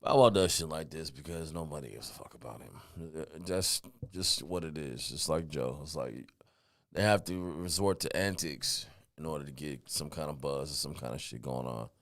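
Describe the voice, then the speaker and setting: A man's voice: a bass voice, normal speed, vocal fry, a bit bright. A man co-hosting a podcast in casual chat, blunt and laid-back. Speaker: podcast co-host.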